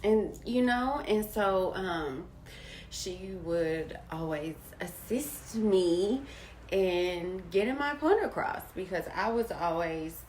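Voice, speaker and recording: Slow-talking woman in an echoey room. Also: fairly low pitch, animated, darkish tone. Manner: candid and slangy, drops to near whispers and rises to laughing emphasis. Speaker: vlogger sharing a personal story. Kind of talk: casual personal storytelling. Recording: roomy with faint background hiss.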